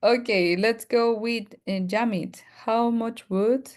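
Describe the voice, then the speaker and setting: A woman whose first language is Spanish, teaching an online English pronunciation class, repeating words slowly and laughing often. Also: fairly high pitch, fairly even intonation, darkish tone. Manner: slow, drawn-out drilling of words, laughs often.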